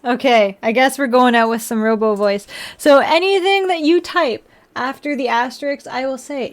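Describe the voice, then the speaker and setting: A woman's voice: high-pitched, moderate pace, few pauses. A young woman hosting a model-building livestream, chatting casually and teasing her viewers and pets with frequent giggles.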